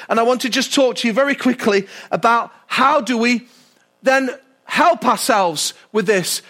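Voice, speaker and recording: A male pastor preaching a sermon, animated and often asking the congregation questions. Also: high-pitched.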